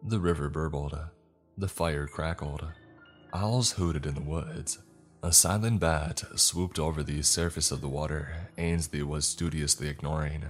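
A man with a strikingly deep, low voice reads a scripted first-person story. His telling is dry and wry, with faint music in the background. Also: fairly even intonation, a little slow. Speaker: narrator. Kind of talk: scripted horror story narration.

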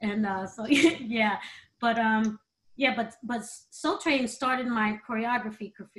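Brief: middle-aged woman guest, high voice, animated storyteller, laughs easily. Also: slow pace, a little hiss or hum. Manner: animated, laughs between stories. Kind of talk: candid storytelling interview.

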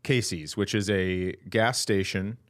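A man's voice: deep voice, steady tone, a little slow. A man hosting a podcast, telling a comic story in a profane, indignant way. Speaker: podcast host. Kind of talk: comedic storytelling chat.

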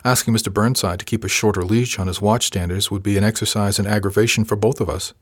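Low-voiced male audiobook narrator. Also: steady tone, quick pace, no room sound, clean studio sound. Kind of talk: first-person scripted narration.

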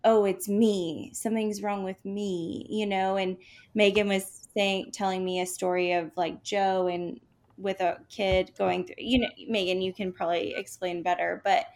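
Animated woman telling a story with many fillers. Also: medium pitch, moderate pace. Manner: animated, lots of "like" fillers, acts out quotes. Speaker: podcast co-host. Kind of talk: casual storytelling chat.

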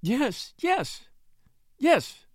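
A frail, frightened widow pleads in high, gasping bursts, put on by a male reader. Her voice swings wildly in pitch, and the recording is close and dry with no room around it. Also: huge pitch swings, moderate pace, darkish tone, dry recording. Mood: sobbing. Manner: desperate, breathless pleading.

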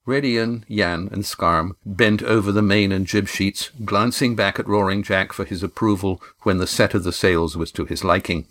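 A man reading a novel aloud, with steady, even storybook narration. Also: low-pitched, moderate pace, hardly any pauses. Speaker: audiobook narrator.

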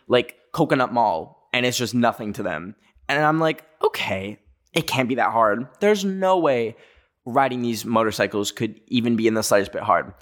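A young man from North America telling a travel story in a chatty way, with lots of "like" fillers and quick self-corrections. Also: mid-range voice. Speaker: vlogger. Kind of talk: casual storytelling.

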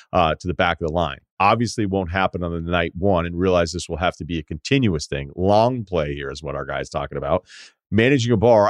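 A man's voice: low-pitched, no echo. A man hosting a casual podcast, reading a listener email aloud and riffing on it with wry, profane asides. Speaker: podcast host.

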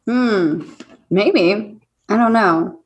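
A woman's voice: medium pitch, extremely slow. Playful woman podcast co-host. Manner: playful, joking. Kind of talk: casual chat.

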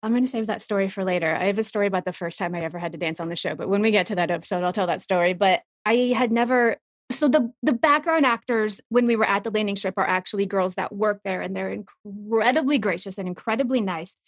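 A woman in her thirties chatting on a podcast, an animated storyteller who laughs easily and slips into quoted lines. Her voice has an everyday pitch and is recorded close and dry. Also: fast, no room sound. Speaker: podcast co-host. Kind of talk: casual chat, telling anecdotes.

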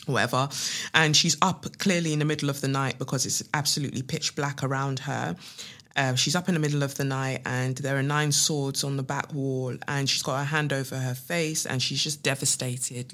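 A woman talks through her podcast from her living room. Her voice is bright and forward. She chats in a loose, playful way, mixing jokes with earnest spiritual talk and a tarot reading. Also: low-pitched. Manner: chatty, playful and animated, with spiritual asides. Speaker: podcast host.

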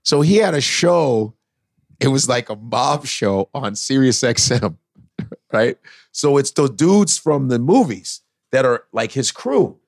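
A man chatting on a podcast as a comedian guest, an animated storyteller who slips into voices. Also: medium pitch, slow, no room sound, clean studio sound. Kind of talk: casual podcast chat.

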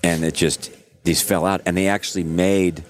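A man's voice: low-pitched, level tone, moderate pace, slight background noise. A man co-hosting a podcast, telling funny stories in casual chat and laughing along. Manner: storytelling, laughing. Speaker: podcast co-host.

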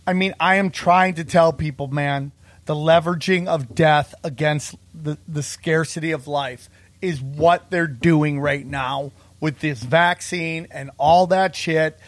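High-voiced earnest man, dry close sound. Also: no echo. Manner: earnest, emphatic, peppered with "man". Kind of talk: casual chat.

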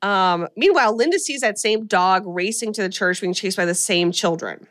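A young woman hosts a casual podcast and recaps a film's plot. She tells the story in a lively way and slips into the characters' voices as she goes. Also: medium pitch, normal speed. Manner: animated storytelling, acts out characters' lines. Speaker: podcast host. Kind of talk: casual chat recapping a film.

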